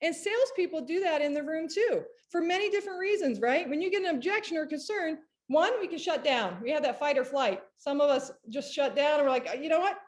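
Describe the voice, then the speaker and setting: A woman presenting in a webinar, chatty and animated, telling stories to make her points. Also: sits high, brisk, few pauses. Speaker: performance director giving a talk.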